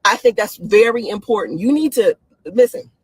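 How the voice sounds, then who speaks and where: A woman talking casually on a live stream, excitable and laughing often, her voice swooping up high. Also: moderate pace, breathy edge, no echo. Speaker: live-stream host giving dating opinions.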